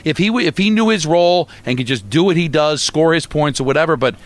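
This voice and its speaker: A man co-hosting sports talk radio, reasoning through his points in a measured way. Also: a little high.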